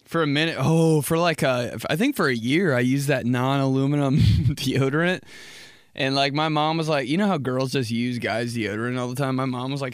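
Young male podcast host, mid-pitch, rambling and crude, dry close-mic sound, casual solo monologue. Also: moderate pace, no room sound. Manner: rambling, profane, jumps into loud impressions.

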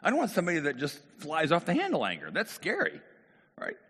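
A man's voice: fairly high pitch, wildly swooping pitch, quick pace, bright, forceful tone, breathy edge, in a large hall. A middle-aged man preaching a sermon in a conversational way, with rhetorical questions and restarts. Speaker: pastor.

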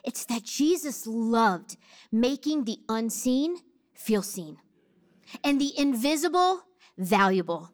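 A woman in her thirties preaching a sermon, telling a personal story in a humorous, animated way. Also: fairly high pitch, takes it slowly.

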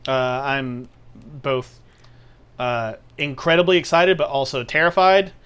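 A man's voice: mid-range voice, fairly even intonation, takes it slowly, fairly bright tone, clear, resonant tone. A man co-hosting a casual podcast, earnest and a little hesitant. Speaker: podcast co-host.

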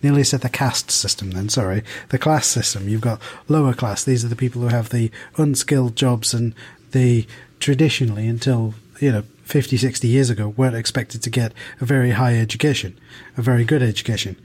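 A man's voice: mid-range voice, steady tone, brisk, darkish tone, slightly rough. Uk man, podcast co-host, casual and thoughtful, keeps circling back to his point. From United Kingdom. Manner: thoughtful, rambling with many restarts and fillers.

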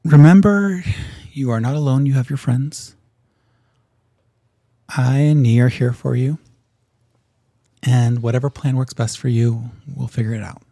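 A man voicing a gentle middle-aged mother who talks softly and encouragingly, with hesitant pauses. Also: mid-range voice, no room sound, clean studio sound. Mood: reassuring.

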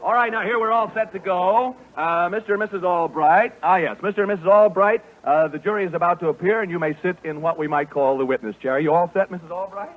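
A man's voice: high-pitched, fast, hardly any pauses. A man hosting a live radio game show before a studio audience, jovial and teasing, laughing often. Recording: tinny old radio broadcast with faint hiss.

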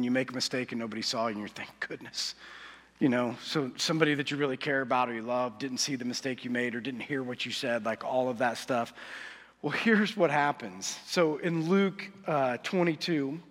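A man's voice: mid-range voice, a bit bright. A male pastor preaching a sermon in a church hall, conversational and confessional, often asking his listeners questions. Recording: reverberant hall.

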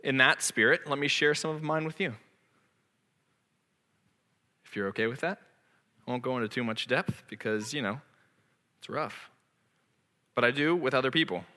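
A man in his thirties preaching from the pulpit, frank and self-deprecating about his own faults. His voice is bright and forceful. It rings out with the long echo of a large hall. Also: medium pitch, brisk, long pauses. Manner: candid and self-deprecating, earnest. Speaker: pastor. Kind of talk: sermon.

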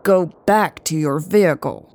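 A woman voicing a hot-tempered, protective young man who talks gruffly and threateningly in an audiobook. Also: lowish voice, fairly even intonation, normal speed, a little mellow.

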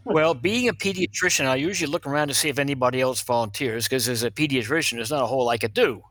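An older man, a pediatrician, telling funny stories in an animated way and acting out the people in them. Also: mid-range voice, fast talker, no room sound. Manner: animated, acts out other people's voices, laughs at his own stories. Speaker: guest, pediatrician. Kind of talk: anecdotal storytelling.

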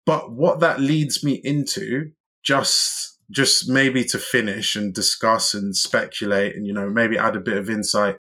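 A man talks through a TV episode in casual podcast chat. His voice sits on the lower side, and he wanders through his points with frequent restarts and fillers. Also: steady tone, measured pace, bright, forceful tone. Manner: rambling, many restarts and fillers. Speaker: podcast co-host.

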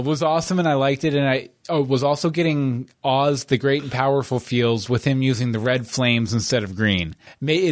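A man co-hosting a podcast, chatting casually and enthusiastically about TV episodes with quick asides. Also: medium pitch. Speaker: podcast co-host. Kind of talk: casual chat reviewing TV episodes.

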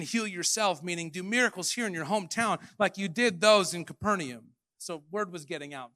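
A man with a high, bright voice preaches with lively energy, jumping from hushed, quiet asides to loud, ringing declarations. His sound is close and dry, with hardly any room around it. The tone is that of a pastor giving a Sunday sermon. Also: brisk, hardly any pauses, dry recording. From Canada. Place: church hall.

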